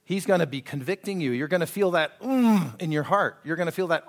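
Conversational preaching man, lively delivery. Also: fairly high pitch, a little fast. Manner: conversational preaching, acts out quoted voices, asks the congregation for agreement. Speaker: pastor. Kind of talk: sermon.

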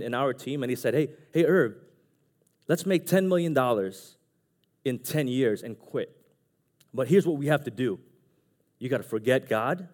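Earnest man giving a church testimony. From Jersey City / New York City area. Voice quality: earnest, with dramatic pitch and volume swings. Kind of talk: personal testimony from the pulpit. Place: church sanctuary.

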